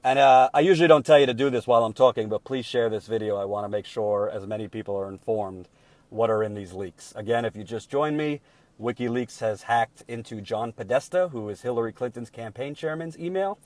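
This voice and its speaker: A man giving indignant political commentary while reading out leaked emails, emphatic and deliberate, with many repeated restarts. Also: medium pitch, a little mellow, no echo. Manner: deliberate and slowed when troubled.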